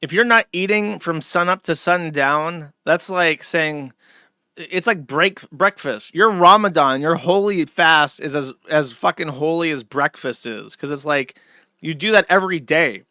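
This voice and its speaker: A male host delivering a profane, scornful commentary rant in a slightly high voice. His bright, forceful tone sits close and dry, with no room sound around it. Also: unhurried, no echo.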